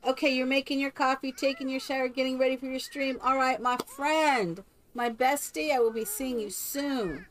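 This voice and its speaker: A woman's voice: high-pitched, fairly even intonation, normal speed, hardly any pauses. A woman streaming a game live, chatting casually and coaxing her characters like a doting mother.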